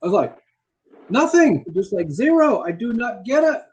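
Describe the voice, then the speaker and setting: A man's voice: high-pitched, big pitch swings, fairly quick, darkish tone, husky, dull audio. A man who is a native English speaker, tutoring English in a casual conversation over a video call, emphatic and repeating his key phrases.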